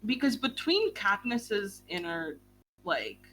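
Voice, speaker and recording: A young woman chats as host of a streamed book club, animated and gushing, with casual swearing. Her pitch leaps and dips all over. A faint hum sits under the recording. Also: takes it slowly. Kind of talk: casual chat.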